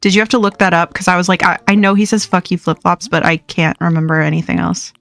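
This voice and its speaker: A woman's voice: fairly low pitch, fairly even intonation, quick pace, gravelly, a bit bright. A young woman hosting a livestream, chatting casually and rambling with frequent laughs while she plays. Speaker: livestream host. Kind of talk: casual chat while gaming.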